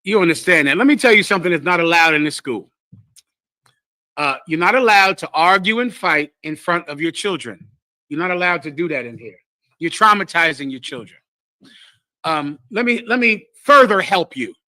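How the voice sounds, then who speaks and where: This is a scripture class teacher preaching to a live congregation, using spirited call-and-response and calling on specific people in the room as he addresses them directly. His voice is forceful, bright, and high for a man, at normal speed. The audio is close and dry with no room sound.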